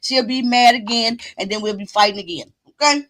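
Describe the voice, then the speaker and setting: A woman with a slightly high voice and a brisk pace hosts a live stream of her own. She preaches loudly to her viewers, exclaiming, whooping and cursing as she goes.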